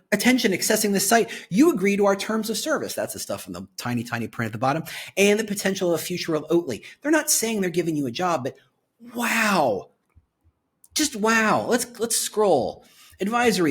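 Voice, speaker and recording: A man reviewing a company's career website on screen, reading its copy aloud and reacting with excited commentary. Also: a little high, slightly rough. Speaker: employer branding commentator.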